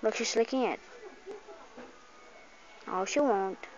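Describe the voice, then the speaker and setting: A woman's voice: fairly high pitch, slow pace, over music. A woman filming her cat and kittens at home on a phone, talking to them in a playful, cooing voice. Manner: cooing, playful baby talk to animals. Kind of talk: casual home video, talking to pets. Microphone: phone camera. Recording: dull lo-fi phone recording.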